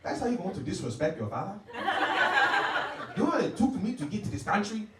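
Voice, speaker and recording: A man's voice: high voice, sing-song, normal speed, reverberant, recorded from a distance, heavy background noise. A man playing his proud, stubborn immigrant father, who boasts and lectures his son. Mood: boastful.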